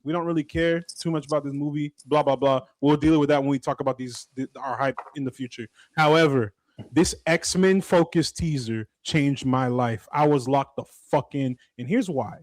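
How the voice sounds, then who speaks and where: A man's voice: medium pitch, normal speed, no echo. Young man, podcast co-host, casual chat, swearing, dry close sound. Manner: loose, animated, swearing, slangy.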